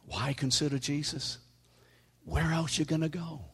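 A man preaching a sermon in a conversational way, calling out listeners by name and dropping to a hushed whisper for emphasis. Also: fairly high pitch, steady tone, measured pace, slightly rough. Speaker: pastor.

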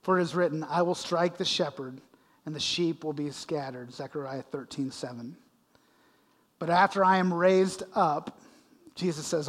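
A man delivers a sermon, reading scripture and then unpacking it, with a slightly high voice. His voice rings out with long reverb in a large church sanctuary. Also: moderate pace. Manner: expository preaching with dramatic readings of scripture. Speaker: pastor.

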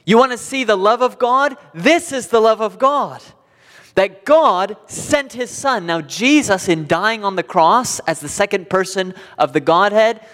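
A man preaching a sermon as pastor, swinging between loud emphatic declarations and quiet hushed passages. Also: high voice, lively intonation, measured pace. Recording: long hall reverb.

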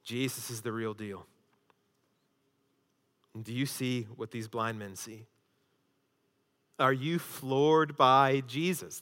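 A man preaching a sermon as pastor, swinging between loud emphasis and hushed intensity. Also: high-pitched. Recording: long hall reverb.

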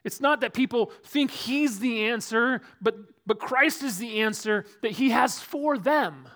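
A man preaching a sermon as pastor in a church, earnest, moving between loud emphasis and quiet, dropped asides. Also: very high-pitched, a little slow.

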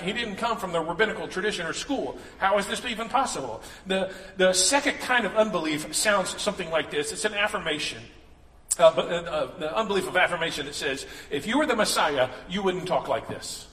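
A pastor with a sharp-toned voice that sits high preaches casually and jokingly, acting out the voices he quotes. The recording is echoey, with the long reverb of a hall.

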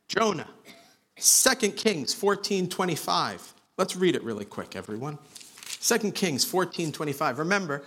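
A man preaching an expository sermon in an earnest, conversational way, dropping to quiet emphasis on key points. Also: fairly high pitch. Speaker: pastor.

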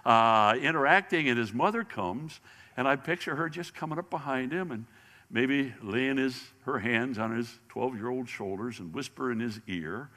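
A man teaching a Bible lesson in sermon style, animated and often restarting his words, speaking to an audience in a large hall. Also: mid-range voice, moderate pace. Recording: long hall reverb.

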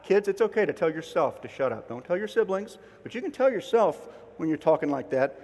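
A man preaching a sermon, acting out both sides of an inner dialogue with lively swings between loud and hushed delivery. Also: sits high, fairly quick, in a large hall. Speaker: pastor.

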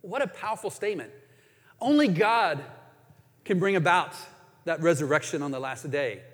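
A man with a high, light voice delivers a sermon, earnest and searching. He leans hard on key lines, then drops almost to a hush. His words hang in a long, ringing reverb, as in a big hall. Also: lively intonation, normal speed. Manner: earnest, swings from emphatic to hushed. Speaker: preacher.

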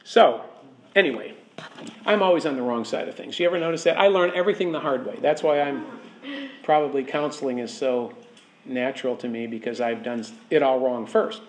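A man's voice: mid-range voice, a little fast, slight background noise. A man teaching a Bible class as pastor, chatty, checking in with the group for agreement as he goes. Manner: chatty, asks the room for agreement. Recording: echoey room.

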